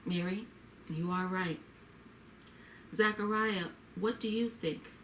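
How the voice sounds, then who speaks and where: A woman reading the lines of a tender, devout expectant wife in a story, gently and heartfelt. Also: fairly low pitch, slow, slight background noise. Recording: roomy echo.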